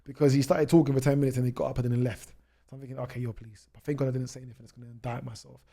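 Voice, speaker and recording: Fast-talking British man telling travel stories. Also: medium pitch, flat delivery, mellow. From United Kingdom. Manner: rapid anecdotes with many restarts. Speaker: guest, travel YouTuber. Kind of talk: storytelling in a podcast interview.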